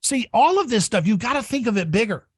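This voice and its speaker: A man hosting a casual podcast discussion, talking in a rambling, animated way. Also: quick pace, husky, no echo. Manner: rambling and animated, acts out voices in shrill squeals. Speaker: podcast host.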